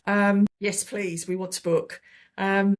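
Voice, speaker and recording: A woman's voice: mid-range voice, little pitch movement, slow. A woman, a holistic therapist, talking enthusiastically as an interview guest, often repeating words as she gathers her thoughts. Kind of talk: casual testimonial chat.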